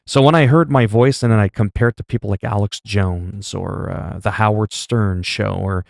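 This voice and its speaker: Mellow-voiced Canadian man, dry close sound. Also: on the low side, steady tone, normal speed, vocal fry, no echo. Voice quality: mellow, soothing voice. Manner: rambling, joking, heavy swearing. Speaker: livestreamer. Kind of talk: casual livestream chat.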